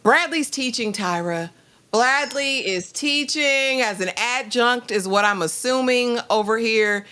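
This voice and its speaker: A woman co-hosting a casual TV review chat, talking in a sassy, playful way with quick asides. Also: fairly high pitch, pushed and bright, smooth. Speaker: co-host.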